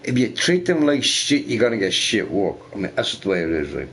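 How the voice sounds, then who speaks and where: A young man rambling casually while streaming a game, swearing freely and telling stories in an animated way. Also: fairly low pitch, fairly quick, slight background noise. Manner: profane, rambling, animated storytelling. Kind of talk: casual rambling chat over gameplay.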